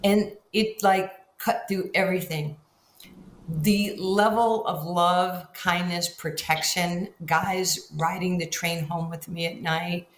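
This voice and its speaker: Brief: lower-voiced older woman from New York, lively guest storyteller who acts out quotes, roomy echo, faint background hum. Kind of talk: storytelling interview.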